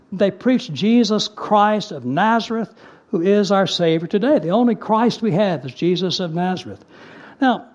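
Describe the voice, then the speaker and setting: Male preacher, high voice, earnest, emphatic, slows on key words, dull lo-fi recording. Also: darkish tone. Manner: earnest, emphatic repetition, slows to stress scripture; conversational asides with fillers. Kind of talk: sermon.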